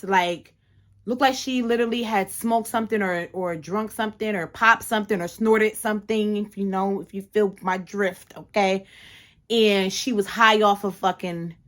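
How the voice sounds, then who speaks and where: A woman's voice: medium pitch, a bit bright. Casting: young adult woman, single-mom vlogger, blunt, profane and heated storytime rant, mid-range voice.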